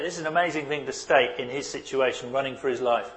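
A man preaching a sermon, stressing key phrases and repeating them, with loudness that rises and drops for emphasis. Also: mid-range voice, fast.

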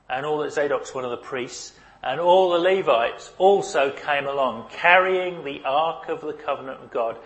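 Male preacher, mid-pitched, emphatic sermon delivery with repeated lines. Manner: emphatic, repeats key phrases, varies loudness for stress.

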